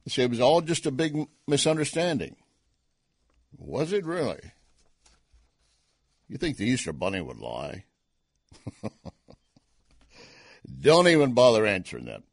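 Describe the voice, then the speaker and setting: A man hosting a live online show in a sarcastic commentary style, firing rhetorical questions at the audience. His voice sits at an ordinary middle pitch. The recording is close and dry, with no room sound. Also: no echo. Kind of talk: opinionated news commentary.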